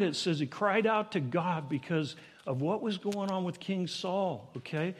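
A man preaching a sermon to his congregation, building to emphatic, higher-pitched peaks and asking them questions directly. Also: a little slow. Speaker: pastor.

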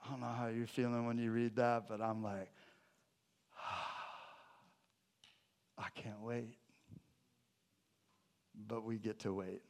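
A man preaching a sermon to a congregation, conversational and joking, swinging from loud emphatic lines to quiet, hushed ones. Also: fairly low pitch, completely flat delivery, brisk, vocal fry, hardly any pauses. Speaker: pastor. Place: church sanctuary.

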